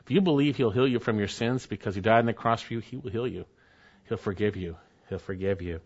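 A man preaching a sermon and teaching from scripture. He speaks emphatically, repeats key phrases, and swings from loud to soft. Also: on the low side, fast, highs cut off. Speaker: pastor. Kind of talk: expository sermon.

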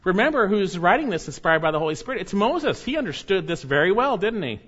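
A man preaching an expository sermon, reading scripture slowly and repeating key phrases for emphasis. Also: high voice, big pitch swings, fairly bright tone, breathy edge, lo-fi sound. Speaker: pastor.

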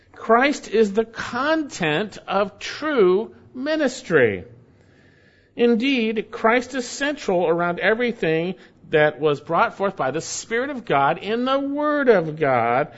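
A man with a fairly high voice preaches a Bible-teaching sermon, hammering home key phrases by repeating them. He slows right down to stress a point, then rattles off quick asides. The recording sounds dull and lo-fi. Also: a bit bright. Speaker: pastor. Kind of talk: expository sermon.

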